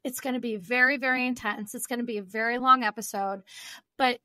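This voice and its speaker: A woman's voice: a little high, steady tone, fairly quick, sharp tone, no echo. A woman hosting her podcast solo, talking in a chatty, informal way and laughing often. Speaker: podcast host.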